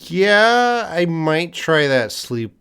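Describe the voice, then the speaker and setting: A man's voice: on the high side, big pitch swings, slow, creaky, pushed and bright, clean tone. A middle-aged man with a Canadian accent, an English teacher answering viewers' chat questions on a live stream, patient and thinking aloud with ums and hmms.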